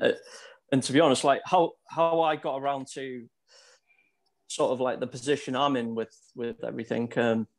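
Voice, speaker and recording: A man's voice: medium pitch, creaky, darkish tone. A middle-aged British man talking as a guest in a casual podcast chat, laid-back and hesitant with many fillers. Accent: British English.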